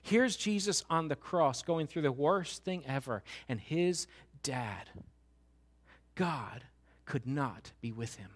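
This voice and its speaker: A middle-aged man preaching a sermon as pastor, dropping to a hushed, slow voice and then building to loud, emphatic questions. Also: a little high, lively intonation.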